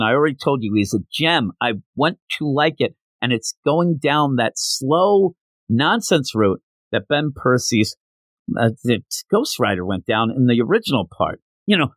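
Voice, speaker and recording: A man's voice: medium pitch, no room sound. A man reviewing comics in a casual solo show, ranting and sarcastic, tired from not sleeping.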